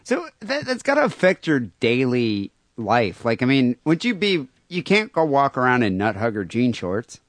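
A man's voice: medium pitch, wildly swooping pitch, normal speed, few pauses, dry recording. A man co-hosting a comedy podcast, riffing on crude jokes in casual banter full of "I mean" and "you know". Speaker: podcast co-host.

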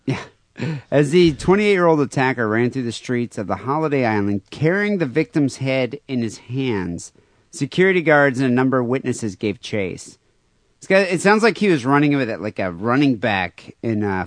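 A man's voice: mid-range voice, lively intonation, moderate pace, no room sound. Rambling male podcast host. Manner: rambling, many fillers, crude humor. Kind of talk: casual podcast chat, reading listener mail.

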